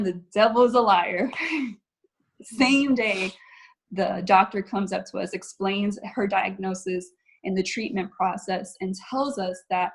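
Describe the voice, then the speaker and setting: A woman from Texas sits as a guest on a faith talk show and tells her story casually, at an average pitch. She brings each moment to life, often slipping into the voices of the people she quotes. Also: poor audio. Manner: animated storytelling, acts out quotes. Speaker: guest, mother. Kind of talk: casual conversation.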